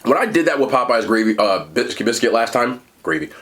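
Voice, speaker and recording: A man talking casually while eating and reviewing fast food, chatty and animated, pausing to chew. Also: medium pitch.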